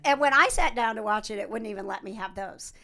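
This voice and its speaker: A woman's voice: medium pitch, fast talker, pushed and bright. A woman co-hosting a podcast in casual chat, giggly and teasing. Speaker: podcast co-host.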